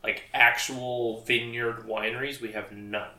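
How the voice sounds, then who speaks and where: A man's voice: medium pitch, fairly even intonation, a little slow, sharp tone, echoey room, poor audio. A man in a casual podcast chat who speaks in a matter-of-fact way and corrects the others. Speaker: podcast co-host.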